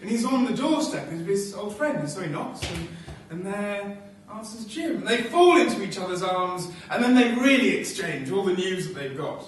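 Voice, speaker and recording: A man telling a story live on stage in a rhythmic, repetitive way, often sinking to hushed tones, recorded in a theatre from a distance. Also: high voice, big pitch swings, normal speed, hardly any pauses, a little hiss or hum. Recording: echoey theatre from far off, faint ambience.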